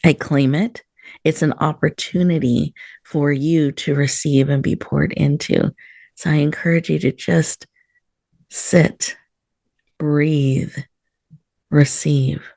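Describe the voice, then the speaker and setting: A woman hosting a show, gently guiding listeners through a slow breathing meditation in a soothing manner. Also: sits low, fairly even intonation, vocal fry, no echo, studio quality. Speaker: host.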